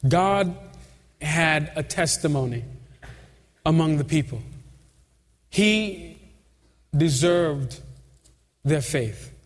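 A male pastor preaching a sermon with a fairly high voice. He talks in a loose, chatty way, chuckling and tossing asides to the congregation. His voice carries a long reverb, as in a church hall. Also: animated, extremely slow, long pauses.

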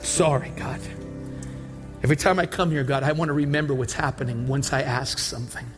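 A pastor preaching a sermon and leading an altar call prayer, pleading and repetitive, building to shouted prayer. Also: male voice, medium pitch, brisk, faint music behind.

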